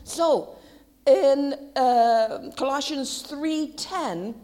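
A woman delivers a sermon in a high, lively voice that climbs and dips widely. She talks at an unhurried pace, moving from soft, thoughtful asides to loud, impassioned proclamations. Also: a little hiss or hum. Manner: impassioned, swings from quiet musing to loud declarations. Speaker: preacher.

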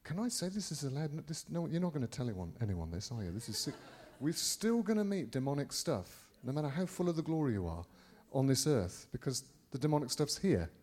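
A middle-aged Englishman preaching by telling a personal story, rambling with many restarts and sudden jumps in loudness. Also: on the high side, very animated, brisk, few pauses. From England. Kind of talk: anecdotal preaching to a congregation.

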